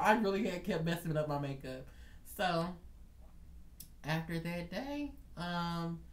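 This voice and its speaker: Animated man telling a storytime. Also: a little high, reverberant. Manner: animated, dramatic, talks straight to viewers. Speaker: vlogger. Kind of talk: storytime vlog.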